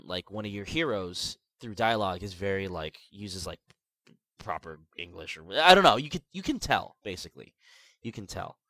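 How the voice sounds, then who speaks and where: A man chatting casually about video games as a podcast co-host, rambling with lots of restarts and filler words. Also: no room sound. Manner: rambling, many restarts and "like", animated pitch swings.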